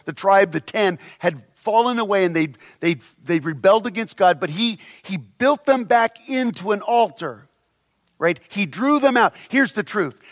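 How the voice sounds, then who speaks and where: A man's voice: sits high, a bit bright. A pastor preaching a casual sermon. He reads scripture aloud and keeps asking "right?" between wry asides. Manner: conversational, asks "right?" often, adds wry asides.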